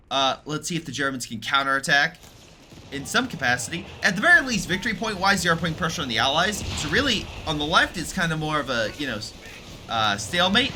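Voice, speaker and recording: A man's voice: on the high side, background noise. A man casually commentating a strategy game replay, rambling and chatty, with many fillers and self-corrections. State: recovering from illness.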